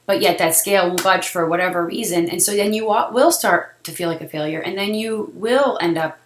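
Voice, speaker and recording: A woman's voice: fairly low pitch, fairly quick, slight background noise. A woman in her thirties, a blogger answering reader questions in casual talk to camera, chatty with frequent laughs and fillers. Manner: chatty, laughs often, emotional at times, lots of fillers. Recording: echoey room.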